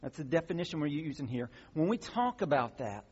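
A man preaching a sermon, his voice slightly high and husky, earnest, with fillers and restarts, building into emphatic stretches. The sound is dull and lo-fi. A long reverb hangs after his words in a large sanctuary. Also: sing-song, fairly quick, darkish tone. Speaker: pastor.

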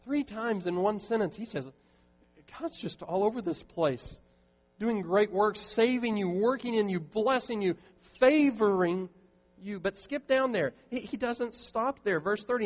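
A man's voice: sits high, a little slow, in a large hall, lo-fi sound. A man preaching a sermon as pastor, earnest and emphatic, often restarting his sentences. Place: church sanctuary.

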